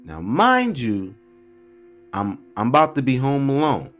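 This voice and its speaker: A man in his thirties hosting a podcast, telling stories in a rambling, slangy, animated way. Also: mid-range voice, unhurried, faint music behind. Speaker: podcast host. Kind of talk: casual storytelling podcast.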